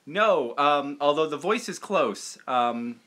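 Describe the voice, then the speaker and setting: A young puppeteer from the Boston area chats casually on a livestream, rambling and poking fun at himself. His voice is bright and lively, swinging up and down a lot as he talks. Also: on the high side. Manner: rambling, self-deprecating, quick to jump into voices.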